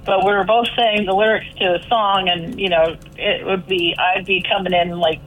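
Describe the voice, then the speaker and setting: A woman's voice: medium pitch, fairly even intonation, moderate pace, a bit bright, slight background noise. A woman calling in to a radio show, chatting casually and rambling with lots of fillers. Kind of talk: casual phone chat. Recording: tinny phone line.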